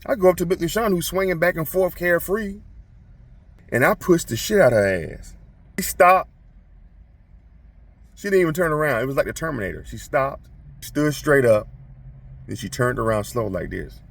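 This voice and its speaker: Gravelly, animated man telling a story. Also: fairly high pitch, normal speed, pauses often, no echo, far from the mic. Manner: animated, profane, self-mocking storytelling. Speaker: vlogger telling a childhood story. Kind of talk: casual storytelling to camera.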